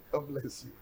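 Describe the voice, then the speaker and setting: A man's voice: dark tone, poor audio. A man, a pastor, answering viewer questions in a blunt, firm way, sometimes chuckling and searching for words. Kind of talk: unscripted Q&A on faith.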